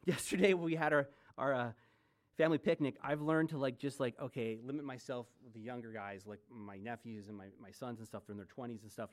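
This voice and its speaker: A man's voice: mid-range voice, steady tone, brisk. A man in his forties preaching a sermon as pastor, conversational, with joking asides and rhetorical questions. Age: 40s.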